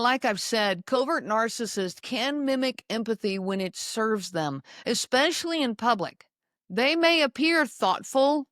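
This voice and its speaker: A woman hosting a podcast, speaking slowly and emphatically to her listeners and repeating key lines. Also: on the high side, a bit bright, dry recording, clean studio sound. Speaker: podcast host. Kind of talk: solo talk to listeners.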